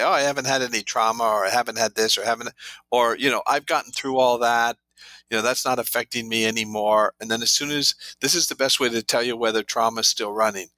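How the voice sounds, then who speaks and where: This man, a trauma therapy author appearing as a guest, has a pushed, bright mid-range voice and fills his interview stories with quoted exchanges. There's no room sound, and the recording is rough.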